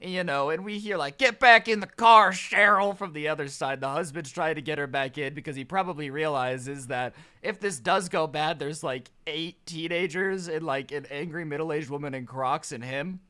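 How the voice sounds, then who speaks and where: A young man telling a comedic story on his vlog in a sarcastic, animated way. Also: on the high side, normal speed, few pauses, clean tone. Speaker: storytime vlogger.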